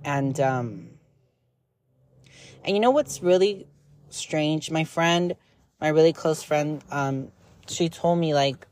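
A woman's voice: sits low, slow pace, long pauses, a little mellow. Rambling, blunt young woman vlogging. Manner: rambling and blunt, full of "like" fillers; emotional, confessional. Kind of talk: candid personal vlog.

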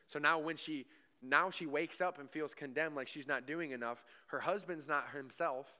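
A man's voice: medium pitch, bright, forceful tone. A young man preaching in a church room, telling a story casually with many fillers and asking the room questions. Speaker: pastor. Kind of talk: conversational sermon.

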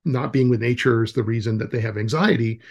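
A man's voice: mid-range voice, brisk, gravelly, a little mellow, slightly rough. A man in his forties, a nature camp director, telling stories as a guest in a casual interview, with lots of fillers and restarts. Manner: rambling storytelling with many fillers and restarts.

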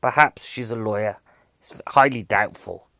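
A man's voice: lowish voice, moderate pace, gravelly, sharp tone, no echo. A man giving a casual, jokey, rambling film review, a bit out of breath.

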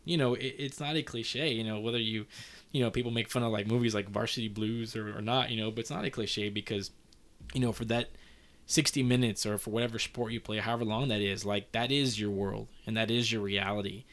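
A man's voice: lowish voice, steady tone, a little fast, fairly bright tone. Earnest rambling man in his thirties. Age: 30s. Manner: rambling, heartfelt, frequent fillers and swearing. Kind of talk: casual conversation.

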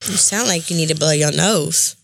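A woman's voice: sits low, gravelly. Teasing woman podcast co-host. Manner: teasing, quick back-and-forth. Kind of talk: casual chat.

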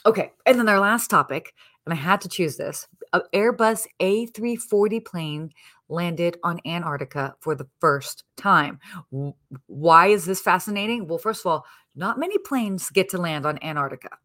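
A woman speaking quietly from a hotel early in the morning, giving a chatty hospitality news segment with plenty of fillers. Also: on the low side, normal speed. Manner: hushed, softly spoken. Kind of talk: casual news segment, then chat.

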